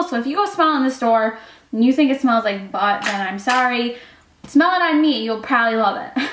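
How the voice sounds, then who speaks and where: A young woman talks to her viewers in a chatty, gushing beauty vlog, tumbling through fillers as she goes. Her voice sits a little high. The room around her rings with a noticeable echo. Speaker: beauty YouTuber. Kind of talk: casual vlog chat. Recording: echoey room.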